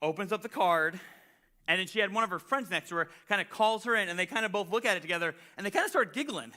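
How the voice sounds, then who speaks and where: High, bright-voiced man preaching. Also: quick pace. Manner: animated, self-deprecating storyteller, many "like" fillers. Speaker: pastor. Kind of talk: conversational sermon storytelling.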